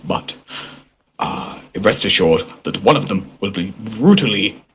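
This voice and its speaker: A man's voice: on the low side, big pitch swings, a little slow, a bit bright, slight background noise. A man putting on a pompous nature-documentary narrator voice in voice chat, speaking with mock-solemn gravity. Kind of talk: voice chat role-play.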